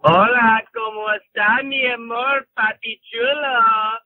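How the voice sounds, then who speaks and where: A man putting on a high, playful voice in a voicemail message, drawn out and slow. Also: fairly even intonation, no room sound. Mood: flirty. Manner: squeaky, slow, breaking into laughter. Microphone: phone voicemail. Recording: tinny phone voicemail.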